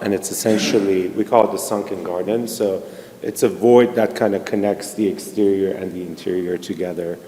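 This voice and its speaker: A man's voice: fairly low pitch, dark tone, slight background noise. Hesitant man presenting in a big hall. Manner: hesitant, many fillers. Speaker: architect presenting a project. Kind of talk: conference presentation. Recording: long hall reverb.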